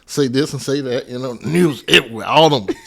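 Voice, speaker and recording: A middle-aged man, a pastor telling stories as a podcast guest, often laughing and building to loud bursts. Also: mid-range voice, normal speed, gravelly, slightly rough. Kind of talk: animated storytelling in casual conversation.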